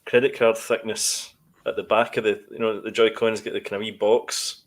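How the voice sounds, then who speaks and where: Give me a man with a low voice, rambling casually on a podcast. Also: flat delivery, normal speed. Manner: chatty, rambling with restarts. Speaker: podcast co-host. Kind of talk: casual chat.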